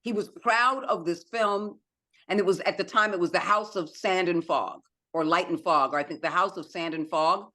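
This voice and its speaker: A woman's voice: on the low side, moderate pace. A middle-aged woman who is a podcast guest, chatting casually and acting out other people's lines as she tells stories. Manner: animated storyteller, acts out quotes.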